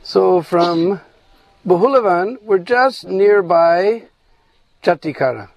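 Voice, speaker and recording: A man tells a devotional story to listeners at an unhurried pace. His voice sits high, and he checks in with "hmm?" between phrases. The recording is dry and close. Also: gravelly, a little mellow, dry recording, low-quality recording.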